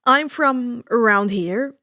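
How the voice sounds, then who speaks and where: Woman reading a calm, explaining teen boy. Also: on the high side, takes it slowly, no echo, clean studio sound, heavily acted. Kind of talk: fan fiction audiobook reading.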